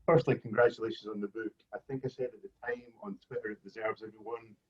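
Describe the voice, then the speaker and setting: A man's voice: lowish voice, fairly even intonation, fast, breathy edge, lo-fi sound. A male author acting as guest interviewer, praising the book in a rambling lead-in before asking his question over a video call.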